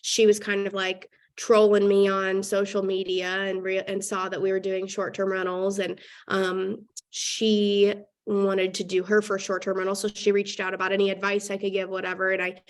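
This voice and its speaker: A woman with a nasal voice, talking fast with many fillers in a casual webinar. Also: mid-range voice, completely flat delivery. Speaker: guest real estate investor.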